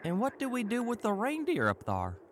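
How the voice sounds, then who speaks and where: A man's voice: sits high, huge pitch swings, moderate pace, very noisy, full character voice. A man playing a wide-eyed small-town deputy who asks puzzled questions.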